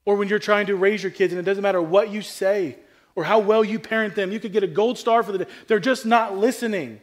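Male pastor, high voice, casual sermon delivery with big swings in volume and lots of restarts. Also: fairly even intonation, a little fast. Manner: conversational, swings from quiet asides to loud emphatic peaks; repeats and restarts phrases, asks the crowd questions.

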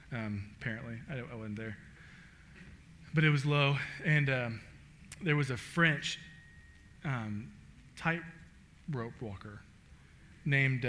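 A man preaching with a bright, sharp and fairly high voice. His delivery is casual and conversational, full of small fillers. He tells a story with lively swings between excited loud lines and hushed low ones. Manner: animated storytelling with swings in pitch and loudness. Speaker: pastor. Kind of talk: sermon.

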